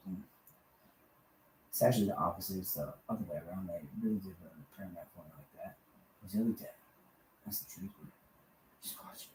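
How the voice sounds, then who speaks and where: A man's voice: low-pitched, a little fast, pauses often. Erratic profane man rambling in a hotel room. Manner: erratic, profane, swinging from mumbling to yelling. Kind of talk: rambling monologue. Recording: roomy distant mic with faint noise.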